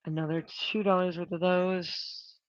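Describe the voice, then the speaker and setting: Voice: mid-range voice, level tone, normal speed, no echo, lo-fi sound. A prop maker hosting a casual livestream, rambling and thinking aloud while working and tallying material costs.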